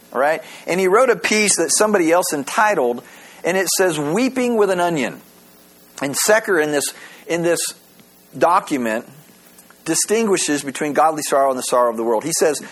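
A man preaching a sermon, animated and conversational, stumbling over repeated words as he starts sentences and slowing down to read scripture aloud. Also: high voice. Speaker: pastor.

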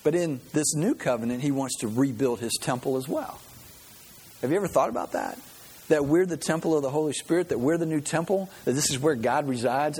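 A man's voice: mid-range voice, a little mellow, breathy edge. A man preaching a sermon in a conversational way, often asking the listeners questions. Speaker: pastor.

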